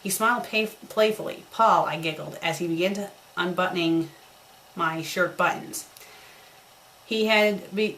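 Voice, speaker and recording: A woman's voice: medium pitch, a bit bright, slight background noise, low-quality recording. A woman doing a comedic dramatic reading of a bad fan story, breaking off for sarcastic, mocking remarks. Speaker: fanfiction critic.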